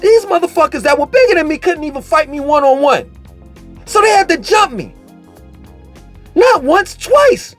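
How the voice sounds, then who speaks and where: Animated, high-voiced man ranting. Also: normal speed, long pauses, faint music behind. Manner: animated, profane, mocking. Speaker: vlogger. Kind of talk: casual commentary rant.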